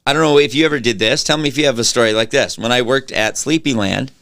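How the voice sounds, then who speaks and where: A man's voice: mid-range voice, quick pace, fairly bright tone. A man hosting a podcast, chatting casually and telling profane, self-mocking stories. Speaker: podcast host. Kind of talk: casual chat.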